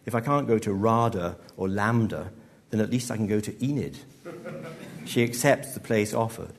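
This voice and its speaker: Low-voiced man reading his story live. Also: moderate pace. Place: live event hall.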